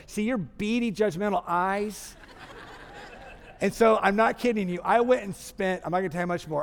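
Animated Texan preacher in a hall. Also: male voice, high voice, normal speed. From Texas. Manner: animated, humorous storytelling preacher. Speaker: pastor. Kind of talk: sermon. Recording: long hall reverb.

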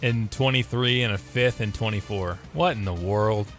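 A man co-hosting a sports radio show, talking in a steady, informed, easygoing way. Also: on the low side, normal speed, soft background music. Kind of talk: casual sports talk.

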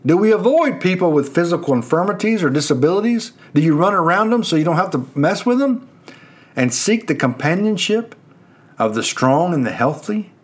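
A male preacher delivering a sermon with a lively, swinging delivery. His voice sits a little above the usual male pitch. He presses his listeners with earnest questions. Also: moderate pace. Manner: earnest, questioning the listeners, rising and falling emphasis.

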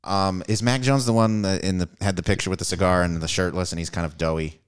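A man co-hosting a casual sports chat, animated and joking, swearing freely. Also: low voice, quick pace, clear, resonant tone. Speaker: podcast co-host.

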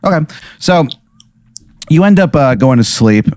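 A man's voice: on the high side, lively intonation, measured pace, darkish tone, dry recording, clean studio sound. A man hosting and telling an improvised comic hypothetical, rambling with many "like"s and "uh"s. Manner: rambling, full of "like" and "uh". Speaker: host, storyteller.

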